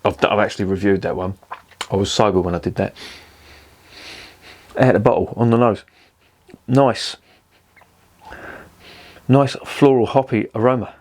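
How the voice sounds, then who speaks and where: Low-voiced guy doing a chatty beer review vlog, jokey, swears a lot. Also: fairly even intonation, normal speed, pauses often, darkish tone. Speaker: beer reviewer, channel host.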